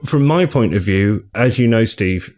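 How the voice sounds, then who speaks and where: A man's voice: on the low side, animated, unhurried, a little mellow. A middle-aged man hosting a casual book podcast, chatty and steering the talk with questions. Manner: chatty, leads the discussion with questions. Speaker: podcast co-host.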